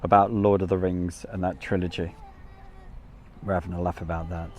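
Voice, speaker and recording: A man's voice: sits low, flat delivery, normal speed, a little mellow, muffled recording, a little hiss or hum. A man with an English Midlands accent hosting a live stream, chatting in a rambling, self-deprecating way. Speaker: livestream host. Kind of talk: casual live commentary.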